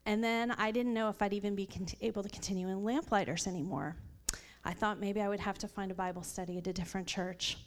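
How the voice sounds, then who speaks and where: Smooth-voiced woman sharing a testimony. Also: medium pitch, fairly even intonation, quick pace. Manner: earnest, warm storytelling with light laughs. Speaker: church member sharing a testimony. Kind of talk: personal testimony at a women's Bible study.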